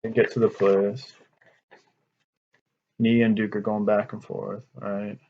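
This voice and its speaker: A man's voice: on the low side, little pitch movement, slow, darkish tone, lo-fi sound. A man teaching a class. He reads a story aloud and breaks off to talk it through in a casual way, often asking his listeners if they follow. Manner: conversational, checks in with listeners. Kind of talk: reading a story aloud with commentary.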